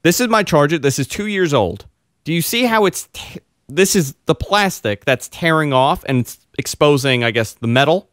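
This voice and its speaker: A man's voice: on the high side, normal speed, no room sound, clean studio sound. A man co-hosting a casual tech podcast, telling stories with animation and acting out what others said. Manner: animated storyteller, acts out other people's lines. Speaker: podcast co-host. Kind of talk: casual chat.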